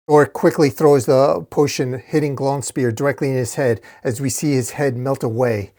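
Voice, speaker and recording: A man narrates a fantasy comic aloud in a casual, unpolished way, at a mid pitch. He talks the action through plainly and now and then uses fillers. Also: steady tone, normal speed, few pauses, mellow. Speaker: comic reader.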